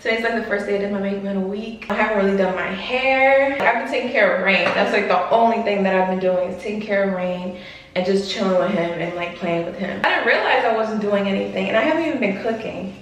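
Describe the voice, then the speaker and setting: A woman's voice: mid-range voice, fast talker, far from the mic, a little hiss or hum. A woman in her twenties from Long Island, New York, candidly talking to her camera at home in a casual confessional vlog, swearing casually as she chats. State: pregnant. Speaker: vlogger. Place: room at home in front of a mirror. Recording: very echoey room, voice off-mic.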